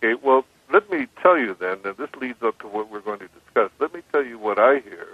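A man calling in as a radio guest, telling his story in a measured way with frequent restarts. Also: medium pitch, lively intonation, no echo. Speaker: guest describing his recording experiments. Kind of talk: phone-in radio interview. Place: on a phone call to a radio show. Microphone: telephone. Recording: dry tinny phone line.

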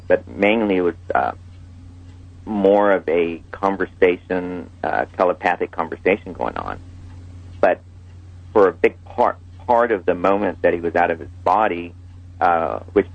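A man, an emergency room doctor, telling a story in an interview, halting with many fillers and restarts. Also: low voice, dull audio.

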